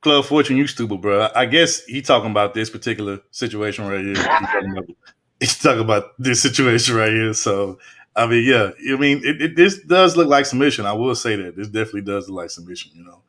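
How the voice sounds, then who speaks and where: A man's voice: fairly low pitch, fast talker, a bit bright. A man hosting a casual livestream podcast, teasing his co-hosts and reading chat comments in drawling slang. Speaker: podcast host.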